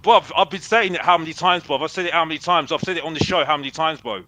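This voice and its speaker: A man's voice: fairly high pitch, quick pace, bright, forceful tone, no room sound, low-quality recording. A young man, calling into a football fan show, ranting defiantly and repeating himself, dropping "bruv" a lot. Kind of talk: heated fan rant.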